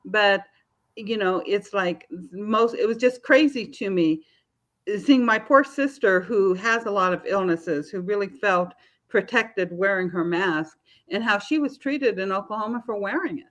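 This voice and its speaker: A woman's voice: mid-range voice, lively intonation, unhurried, a bit bright. A woman in her fifties, an author guest on a podcast, talking casually and telling stories with frequent laughs. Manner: chatty storyteller, laughs often.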